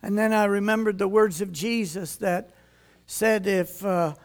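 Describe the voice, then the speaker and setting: An older man preaching a folksy sermon in a high voice, reading scripture in a King James cadence. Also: steady tone, measured pace.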